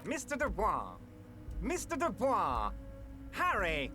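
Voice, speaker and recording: An actor voicing a smooth, falsely soothing man in a video game, with honeyed, patronizing reassurance. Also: high voice, huge pitch swings, takes it slowly, sharp tone, slight background noise, exaggerated voice. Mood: alarmed.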